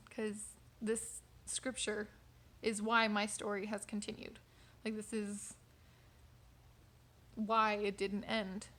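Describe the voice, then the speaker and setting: A woman's voice: mid-range voice, fairly bright tone. A young woman telling a personal faith story to camera in a candid, conversational way, with frequent fillers. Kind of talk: casual personal testimony.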